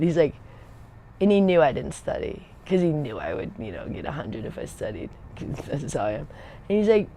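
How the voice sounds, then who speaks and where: A woman's voice: low-pitched, big pitch swings, moderate pace, a little mellow. Rambling woman telling a casual story. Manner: rambling and digressive, loses her thread and laughs often. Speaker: Air Force veteran telling stories on a livestream.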